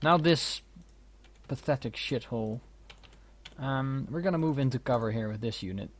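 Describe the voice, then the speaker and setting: A man's voice: medium pitch, normal speed. A man giving casual, wry commentary while playing a strategy game, swearing now and then. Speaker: let's play host. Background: keyboard and mouse clicks.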